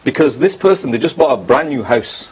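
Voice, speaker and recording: A man's voice: mid-range voice, lively intonation, a little fast, husky, rough recording. A man hosting a religious talk show, speaking earnestly and stressing points by repeating them. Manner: earnest, storytelling with repeated emphasis.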